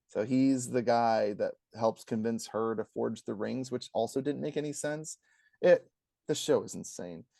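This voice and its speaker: A man on a podcast, talking fast and excitedly as he rants, jumping into a higher voice when he mimics people. His voice sits a little high for a man. The close mic sounds dry, with no room echo. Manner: animated, ranting, acts out quotes in a high voice. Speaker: podcast co-host. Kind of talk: casual review chat.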